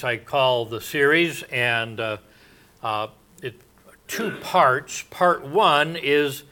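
Guy preaching slow and halting, lots of ums, bright clear tone. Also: mid-range voice. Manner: slow, halting, many fillers. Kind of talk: sermon.

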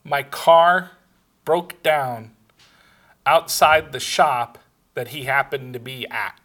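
A man's voice: medium pitch, steady tone, takes it slowly, sharp tone. A man preaching a sermon, telling a personal story with laughs and acted-out dialogue. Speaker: pastor.

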